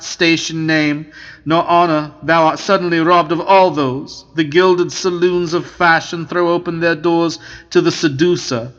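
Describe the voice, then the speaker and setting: A man's voice: fairly high pitch, a bit bright. A man narrating an old novel aloud in a stately, declamatory manner. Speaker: audiobook narrator. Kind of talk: scripted narration of a Victorian novel. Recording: muffled lo-fi home recording.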